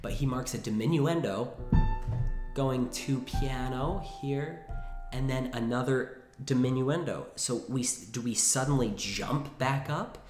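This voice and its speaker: A man's voice: medium pitch, unhurried, darkish tone. A man giving a casual piano lesson, talking things through with restarts and demonstrating as he goes. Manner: chatty, thinks aloud with restarts, sings phrases between words. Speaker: piano teacher. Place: room with a piano. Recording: roomy echo with piano. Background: piano played between phrases.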